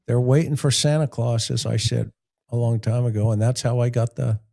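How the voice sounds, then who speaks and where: A man's voice: medium pitch, steady tone, moderate pace, creaky, warm tone. An older man, a retired homicide detective, telling cop stories in a casual panel chat and acting out quoted voices. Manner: storytelling, acts out quoted voices.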